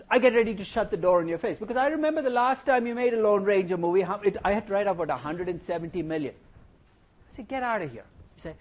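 Animated man lecturing on finance. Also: high voice. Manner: animated, playful storytelling with rhetorical questions. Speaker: finance professor. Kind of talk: university lecture. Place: lecture hall.

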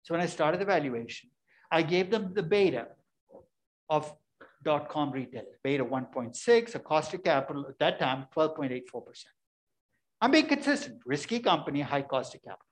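A man's voice: a little high, sing-song, normal speed. A man giving a classroom lecture, emphatic and conversational, often asking questions and answering them himself. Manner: emphatic, asks and answers his own questions. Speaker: finance lecturer.

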